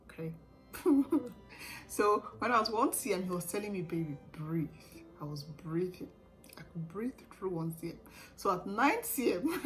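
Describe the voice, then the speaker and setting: A young woman vlogger telling her own story in a casual, animated way, often laughing. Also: on the low side, rough recording.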